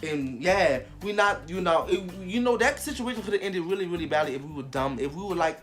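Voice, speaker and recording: A young vlogger telling a story casually, animated and emphatic, with heavy swearing. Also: mid-range voice, brisk, soft background music.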